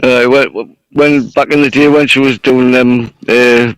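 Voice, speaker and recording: A man's voice: mid-range voice, steady tone, measured pace, clean tone, no room sound, rough recording. A man with a Geordie accent chatting casually as a co-host on a livestream, chuckling often and saying aye a lot. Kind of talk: casual chat.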